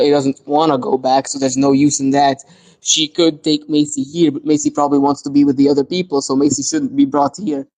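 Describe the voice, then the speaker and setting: A man describes his character's actions during a tabletop game in a loose, rambling way. His voice sits a little high. The recording is dry, with no room sound. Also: darkish tone, dry recording, poor audio. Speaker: player.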